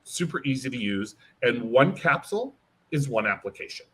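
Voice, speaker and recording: A man, a hair care brand educator, explaining and demonstrating a product in an animated interview, acting out bits of client dialogue. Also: mid-range voice, moderate pace, husky.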